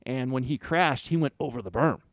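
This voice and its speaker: A man's voice: mid-range voice, fairly quick, no room sound, clean studio sound. A man, a former motocross racer, telling stories in a loose, rambling way in a casual interview. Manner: loose, rambling, lively quoting of others.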